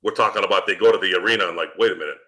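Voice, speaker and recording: A man's voice: deep voice, racing, bright, forceful tone. A man hosting a sports fan show, delivering a profane postgame rant full of rhetorical questions. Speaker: podcast host.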